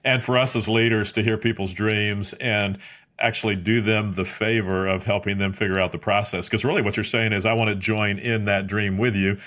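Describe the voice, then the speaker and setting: Low-voiced male host, affirming and reflective. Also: fairly even intonation, normal speed, fairly bright tone. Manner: affirming and reflective, sums up the guest's points. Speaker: podcast host. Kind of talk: conversational podcast interview.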